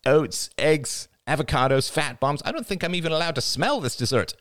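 Guy narrator putting on a teasing wry woman friend, pitched up, lively, audiobook. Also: moderate pace, no echo, studio quality.

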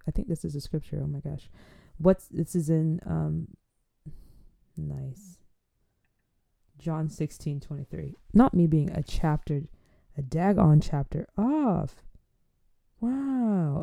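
Gravelly-voiced woman teasing about faith. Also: lowish voice, normal speed, no echo. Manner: animated, teasing and preachy, laughing often. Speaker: faith vlogger. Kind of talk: casual faith commentary.

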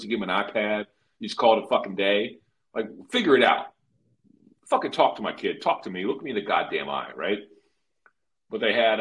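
A man holds forth on a podcast, cussing freely as he tells his stories. His voice sits low but swings widely in pitch. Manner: profane, animated storytelling. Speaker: podcast co-host. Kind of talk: casual podcast banter.

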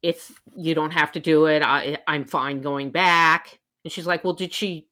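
Low-voiced woman animatedly retelling a book. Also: unhurried. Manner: animated retelling, quoting characters in her own voice. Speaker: book discussion co-host. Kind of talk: casual chat recapping a book plot.

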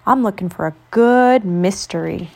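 A woman voicing a boy bear cub who teases his little sister, in a playful, drawn-out voice. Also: mid-range voice, vocal fry, darkish tone. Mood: teasing. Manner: teasing, drawn-out. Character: boy bear cub, teasing older brother.

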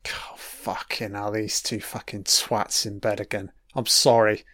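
Brief: male commentator, sweary and sarcastic, unhurried, dry close sound. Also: on the low side, flat delivery, a bit bright, no echo. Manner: profane, sarcastic, grumbling. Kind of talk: ranting audio commentary on a TV episode.

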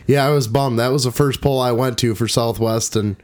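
A chatty man hosts a relaxed podcast and rambles through the week's events. His pitch sits in an ordinary middle range. He pokes fun at himself easily. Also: brisk. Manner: chatty, rambling, self-deprecating. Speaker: podcast host and tractor pull announcer. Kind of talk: casual chat.

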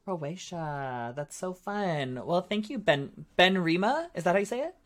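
A woman's voice: on the low side, expressive, measured pace. A woman co-hosting a podcast, playful and self-deprecating in casual chat. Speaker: podcast co-host.

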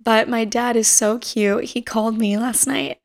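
A woman's voice: fairly high pitch, level tone, measured pace. A woman in her twenties chatting casually on her own podcast, rambling through stories with lots of fillers and the odd laugh. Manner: laughs now and then while telling stories. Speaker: podcast host. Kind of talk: casual chat.

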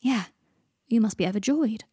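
A woman's voice: on the high side, normal speed, mellow, slightly rough, no echo. A woman voicing a cool young man with a dry, blunt manner in a story reading.

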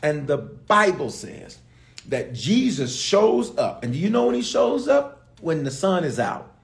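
A man's voice: a little high, big pitch swings, measured pace, creaky. A man preaching a livestreamed sermon as a bishop. He talks straight to his viewers and repeats phrases over and over for emphasis. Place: livestreamed service, reading viewer comments.

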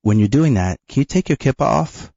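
A man's voice: medium pitch, lively intonation, gravelly, dark tone, no room sound, dull audio. Hesitant man telling a story on radio. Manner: halting, many restarts and nervous laughs. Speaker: radio show co-host. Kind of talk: conversational storytelling.

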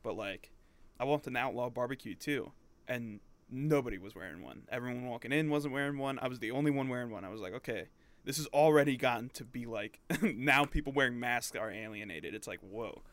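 A man's voice: medium pitch, brisk, a bit bright. A young man co-hosting a casual podcast, laid-back and agreeable, chuckling often. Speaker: podcast co-host. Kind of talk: casual chat.

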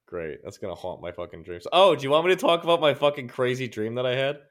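A man's voice: medium pitch, big pitch swings, quick pace. A man co-hosting a podcast, telling a long story in a rambling, profanity-heavy way. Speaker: podcast co-host. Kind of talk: casual chat.

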